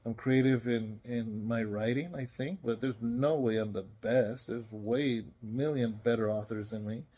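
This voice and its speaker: A man's voice: medium pitch, fairly even intonation, measured pace, warm tone. A tired man speaking as a pastor, giving an earnest, rambling, conversational devotional message he recorded himself. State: tired, yawning. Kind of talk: casual spoken devotional message. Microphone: self-recorded.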